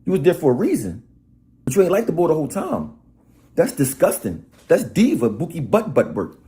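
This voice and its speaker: Brief: taunting New man, higher voice, rapid insult rant. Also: wildly swooping pitch, mellow. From Harlem, New York. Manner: taunting, mocking, rapid-fire trash talk. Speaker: rapper in played video clip.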